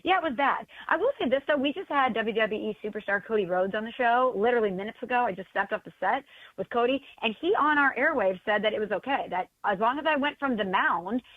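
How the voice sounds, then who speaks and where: A woman's voice: fairly high pitch, expressive, fast, no room sound. Chatty woman on a tinny phone line. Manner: self-mocking, chatty storyteller. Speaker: radio guest. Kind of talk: casual radio chat.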